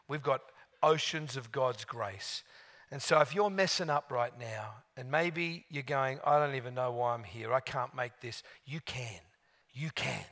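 A man preaching a sermon as pastor, telling stories in a lively, chatty way. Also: a little high. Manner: lively, chatty storytelling with restarts.

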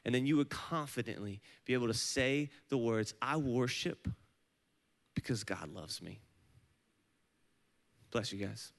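A man giving a heartfelt testimony at a worship service, speaking slowly and earnestly. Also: mid-range voice, vocal fry. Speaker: panel speaker. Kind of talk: sermon-style testimony.

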